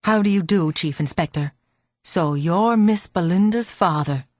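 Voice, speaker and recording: A man's voice: high voice, a little slow, dry recording. A woman voicing an earnest, courteous young male doctor who speaks in polite, formal sentences.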